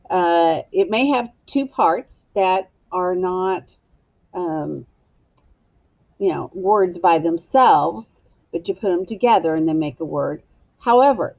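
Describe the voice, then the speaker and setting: A woman teacher giving a slow, patient phonics lesson to young children and prompting them to echo words. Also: on the low side, highs cut off.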